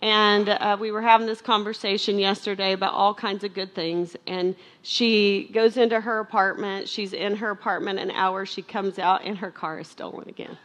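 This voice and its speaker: A middle-aged woman giving a heartfelt personal testimony at church, halting, with many fillers and restarts. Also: mid-range voice, steady tone, fairly bright tone. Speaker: speaker sharing testimony at a church.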